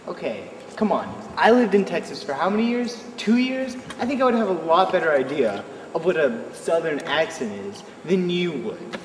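A man's voice: a little high, very animated, moderate pace. A young man in a comedy sketch, arguing defensively and rambling. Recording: echoey room with noise.

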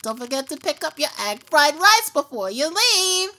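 A woman's voice: sits high, sing-song, moderate pace, sharp tone, exaggerated voice. A woman voicing a polite female restaurant clerk in a video game, speaking formally and courteously.

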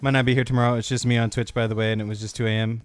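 A man's voice: medium pitch, level tone, very fast, soft background music. A man streaming live, chatting casually and upbeat with his viewers.

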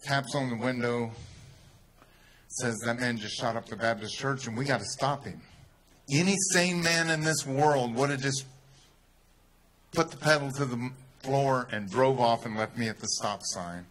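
A man with a Texan accent telling a story in a speech to a crowd, rising to loud, emphatic peaks. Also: mid-range voice, normal speed, pauses often. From Texas. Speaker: speaker at a rally.

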